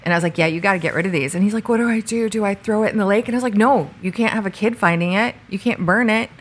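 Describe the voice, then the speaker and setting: A woman co-hosting an interview, telling stories casually and acting out the dialogue, sitting in bright sun. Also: medium pitch, racing. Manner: animated storyteller, acts out quoted dialogue. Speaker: podcast co-host.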